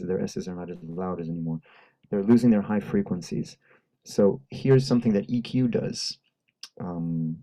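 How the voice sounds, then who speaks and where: A man with a lowish, mellow voice teaches a hands-on workshop. He explains patiently and demonstrates sounds aloud, all heard through a microphone and PA speakers. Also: poor audio. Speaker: workshop instructor. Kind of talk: live demonstration lesson. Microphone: handheld mic through a PA system.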